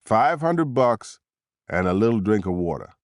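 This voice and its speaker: A man voicing a dazed, drugged male suspect in an audiobook, with a slow, faraway mumble. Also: fairly low pitch, sing-song, dry recording, clean studio sound.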